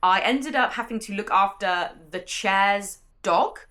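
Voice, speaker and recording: A young British woman, a bookseller, casually vlogs about her work week in a medium-pitched, slightly slow, somewhat bright voice. She's chatty and enthusiastic, letting her sentences run on, and the audio is staticky.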